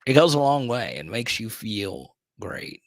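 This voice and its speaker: A man's voice: medium pitch, big pitch swings, a little slow, no room sound, clean studio sound. A man hosting a live stream in casual chat, playful and teasing, with a joking repeated "huh?".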